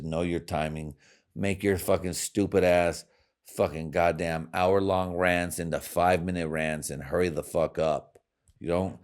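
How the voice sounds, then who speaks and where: A man hosting a podcast, swearing through a crude, rambling monologue with sudden swings in loudness and pitch. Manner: loud swings in volume and pitch. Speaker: podcast host.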